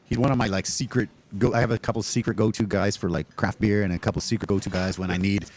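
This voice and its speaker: Fast-talking animated man, low voice. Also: a little hiss or hum. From Canada. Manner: animated storyteller, acts out other people's voices. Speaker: podcast host. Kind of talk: casual chat.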